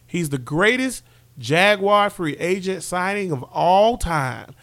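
A man's voice: sits high, animated, slow pace, a bit bright. A man co-hosting a sports podcast, teasing and joking in loose slang. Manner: teasing, playful, drawling slang. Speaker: podcast co-host. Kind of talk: casual sports podcast banter.

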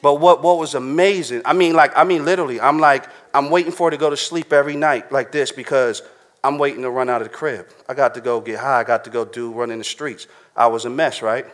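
A man preaching a sermon in loose street slang, keeping it conversational and stopping again and again to check his listeners are with him. His voice sits at an ordinary middle pitch for a man, and he talks straight to the people in front of him. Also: fast talker.

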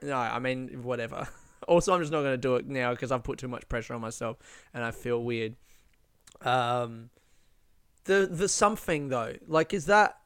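A man's voice: on the high side, a bit bright, clean tone, no room sound, clean studio sound. A young Australian man, a stand-up comedian, rambling through a profane, self-mocking casual monologue.

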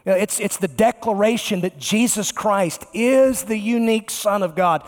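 High-voiced preacher in a reverberant church. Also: male voice. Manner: emphatic preaching, slows down to stress key words. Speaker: pastor. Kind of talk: sermon. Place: large church sanctuary. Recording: long reverb of a large church.

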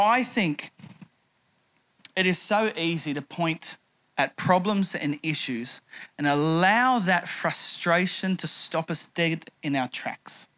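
A man's voice: a little high, a bit bright. A middle-aged man preaching a sermon, telling a humorous anecdote as a pastor.

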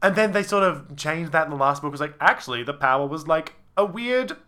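Male podcast co-host, casual chatter, bright, highly expressive. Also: brisk. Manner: chatty, laughs often, acts out scenes. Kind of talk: casual chat.

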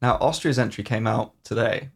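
Male podcast co-host, gravelly fry, cheeky and teasing in easy chat. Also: medium pitch, normal speed. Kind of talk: casual chat. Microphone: one microphone shared between two.

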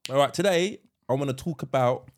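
A man's voice: medium pitch, a little fast. A man co-hosting a casual podcast chat, rambling and repeating himself, swearing freely. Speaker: podcast co-host.

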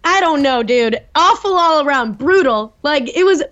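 A woman's voice: high-pitched, expressive, normal speed, a bit bright. A young woman co-hosting a casual chat, animatedly recapping and acting out quotes, with some swearing. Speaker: podcast co-host. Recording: dull lo-fi sound.

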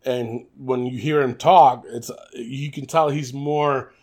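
A man's voice: medium pitch, fairly even intonation, slow, darkish tone. A young man co-hosting a podcast, chatting casually and animatedly, laughing often and talking in fillers. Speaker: podcast co-host. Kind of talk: casual wrestling chat.

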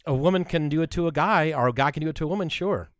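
A man's voice: fairly high pitch, racing, dry recording, studio quality. A man in casual chat, rambling through his opinions with many restarts and filler words.

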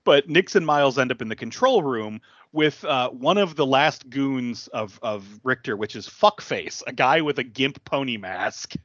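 A man tells a film's plot in a relaxed, animated way, his pitch leaping up and down as he acts out quoted lines. The recording is dry and slightly dull, like a home podcast mic. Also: moderate pace, no echo. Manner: animated retelling, jumps up in pitch for quoted characters, laughs often. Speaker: podcast co-host. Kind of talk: casual movie recap.

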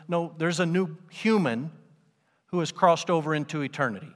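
A man's voice: a little high, fairly even intonation, fairly quick. Man preaching in a reverberant church. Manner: conversational preaching with rhetorical questions. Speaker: pastor. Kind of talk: sermon. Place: church sanctuary. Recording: long hall reverb.

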